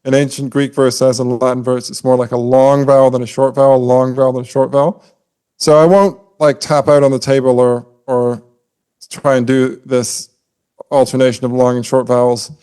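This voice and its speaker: A man's voice: medium pitch, level tone, moderate pace, warm tone, clear, resonant tone. A man co-hosting a podcast, explaining poetic meter in a casual, scholarly way and humming out rhythms with his voice. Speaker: podcast co-host.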